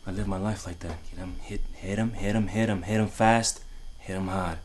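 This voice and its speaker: A man acting a boxer recalling his childhood in a dramatic monologue, halting and repetitive, with many fillers. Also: deep voice, fairly even intonation, darkish tone, slight background noise, natural voice. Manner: halting, repetitive, full of "you know".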